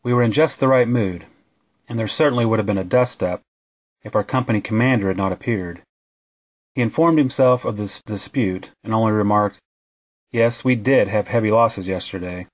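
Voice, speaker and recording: A man with a fairly low voice reading a novel aloud as an audiobook narrator. He keeps a steady, measured pace throughout.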